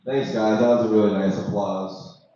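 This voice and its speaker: Low-voiced rambling comic. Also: male voice, steady tone, moderate pace, mellow, far from the mic. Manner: casual, rambling, filler-heavy. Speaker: comedian. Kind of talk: stand-up comedy set. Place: comedy club open mic. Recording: echoey room from afar, dull lo-fi.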